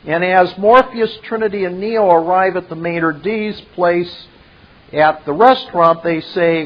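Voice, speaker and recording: A man slowly retelling a film scene and adding his own commentary. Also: high-pitched. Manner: slow, deliberate. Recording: dull lo-fi recording.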